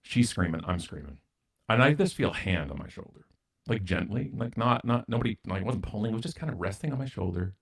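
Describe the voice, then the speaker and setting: A man's voice: fairly low pitch, lively intonation, fairly quick, breathy edge. A man from Canada, a guest speaker, telling a story in an interview in a blunt, self-mocking way and acting out both sides of the dialogue.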